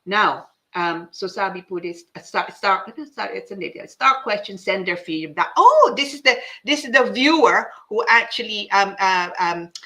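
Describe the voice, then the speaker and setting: Bright, chatty woman host. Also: medium pitch, animated, normal speed, hardly any pauses. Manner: chatty, mixes English with Tagalog, frequent fillers and restarts. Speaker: host reading viewer comments. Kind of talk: casual live-show chat.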